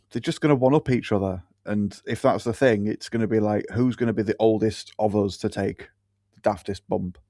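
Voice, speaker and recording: A man's voice: lowish voice, moderate pace, warm tone, no room sound. A man co-hosting a casual podcast chat, laid-back and dry, swearing casually. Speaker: podcast co-host.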